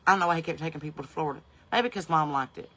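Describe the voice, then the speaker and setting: A middle-aged Southern US woman hosts a podcast, delivering a comedic storytelling monologue full of brash, profane, rambling tales. Her voice is low, a bit bright, and very fast.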